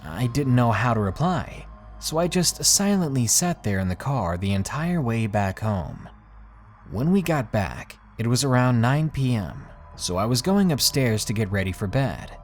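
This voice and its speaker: A man's voice: mid-range voice, sing-song, a little slow, soft background music. Man narrating a creepy tale. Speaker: horror story narrator. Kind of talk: scripted narration of a creepy true story.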